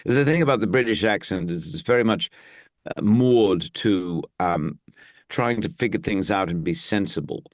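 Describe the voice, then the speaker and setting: A man's voice: deep voice, expressive, normal speed, no room sound, clean studio sound. A man, an actor and impressionist, chatting as an interview guest in a rambling, easygoing way with easy laughs. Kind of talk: casual interview chat.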